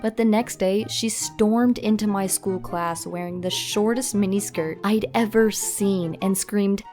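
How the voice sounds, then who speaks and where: A woman narrating a scripted first-person story in an even, steady delivery. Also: mid-range voice, unhurried, soft background music.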